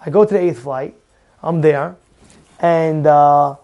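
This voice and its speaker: A man's voice: fairly high pitch, takes it slowly, warm tone, highs cut off. A man telling a personal story in a Torah lesson, acting out the dialogue with many restarts and Hebrew words mixed in. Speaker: Torah teacher.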